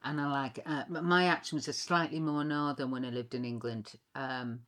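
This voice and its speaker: A woman's voice: extremely low pitch, fairly even intonation, moderate pace, fairly bright tone. A middle-aged woman hosting a podcast in casual chat, candid and chatty, swearing freely as she talks. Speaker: podcast host.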